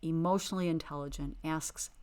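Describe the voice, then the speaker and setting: A woman hosting a podcast, recapping a reality TV show with sassy, exasperated, animated commentary. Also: low voice, a little fast, clear, resonant tone. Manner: animated, dramatic emphasis. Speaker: podcast host.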